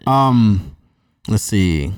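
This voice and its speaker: A man's voice: on the low side, lively intonation, drawn-out words, darkish tone, slight background noise. A man from North Carolina co-hosting a podcast, talking bluntly with lots of swearing and joking. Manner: blunt, swears a lot, jokes. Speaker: podcast co-host. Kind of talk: casual chat.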